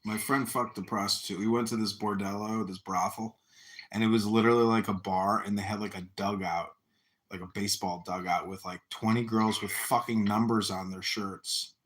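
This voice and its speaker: A man's voice: fairly low pitch, fairly even intonation, normal speed, fairly bright tone. A man chatting casually on a podcast, telling crude, profane stories in a loose, rambling way.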